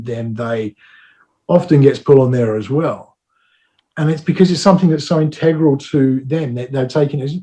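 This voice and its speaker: A man speaking on a podcast in a dark, mellow voice, laying out a counterpoint at a measured, reflective pace. His tone stays considered throughout. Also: mid-range voice. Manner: thoughtful, measured, argues the other side. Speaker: co-host. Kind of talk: casual podcast chat.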